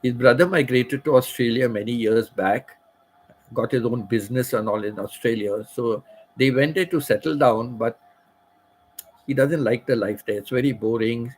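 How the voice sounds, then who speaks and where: A middle-aged man tells a personal story in a loose, rambling way, repeating his phrases as he goes. His voice is husky and slightly breathy, sitting at an average pitch for a man. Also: rough recording. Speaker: channel host.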